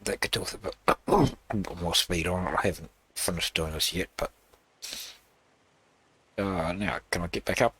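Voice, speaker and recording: A man hosting a gaming channel, casually talking through his game build in a rambling, halting way with many fillers. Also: low-pitched, steady tone, bright, forceful tone, husky. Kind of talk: casual gameplay walkthrough.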